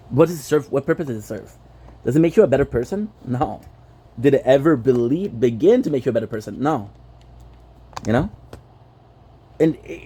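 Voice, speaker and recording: A man whose first language is French rants bluntly to his stream audience, swearing and circling back over the same points. His voice is mellow and warm, sitting at an ordinary pitch for a man. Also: husky. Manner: frustrated, blunt, repeats himself, swears. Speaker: gaming streamer. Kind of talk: casual ranting vlog.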